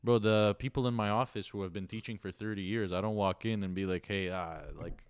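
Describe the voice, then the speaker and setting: A man's voice: fairly low pitch, fairly even intonation, a little fast, clear, resonant tone, no echo. A man hosting a casual podcast chat, laid-back, laughing often and mimicking people as he tells stories.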